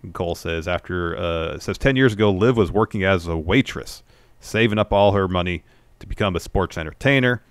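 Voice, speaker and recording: Deep-voiced dude calmly recapping wrestling segments, dry mic, pretty low-key. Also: male voice, fairly quick, smooth, no echo. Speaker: podcast co-host.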